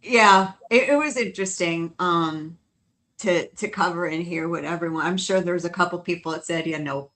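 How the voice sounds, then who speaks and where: A woman co-hosting a casual podcast, chatty and quick to laugh as she tells stories. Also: lowish voice. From New Orleans. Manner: chatty, laughs often, quotes others in lively bursts. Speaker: co-host.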